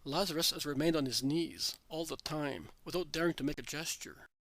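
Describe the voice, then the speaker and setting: A man reading religious narration in an even, measured way. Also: a little high, no room sound, rough recording. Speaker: reader.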